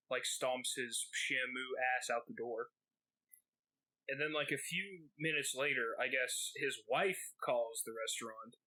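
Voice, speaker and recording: Man, podcast co-host, casual storytelling, profane, filler-heavy, bright tone. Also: mid-range voice, poor audio. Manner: rambling, profane, lots of fillers.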